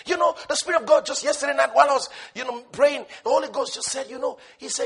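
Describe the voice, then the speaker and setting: A man preaching a sermon with passion, swinging between shouted lines and hushed asides, and telling stories with a laugh. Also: very high voice, animated, a little fast, breathy edge. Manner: impassioned, shouting bursts and sudden hushed asides; storytelling with laughter.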